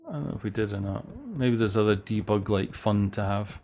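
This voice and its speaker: Brisk and low, with a darkish tone and slight background noise, a let's play host delivers rambling, sardonic gameplay commentary and swears often as he plays. The game music is clear behind his voice.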